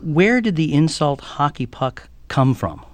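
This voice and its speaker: A man who is a TV critic, asking polite, measured interview questions. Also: fairly high pitch, big pitch swings, dry recording.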